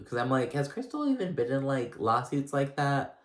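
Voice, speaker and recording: A man with a mid-range voice, very animated and a little fast, recaps a reality TV episode in an echoey room. He rambles casually through the story, full of fillers and restarts.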